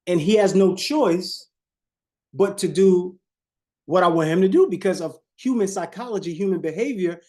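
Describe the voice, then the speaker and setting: A man's voice: high voice, normal speed, a little mellow. A man with leading a live online sales coaching call, preachy and repetitive, often addressing the audience as y'all and shifting his tone on purpose.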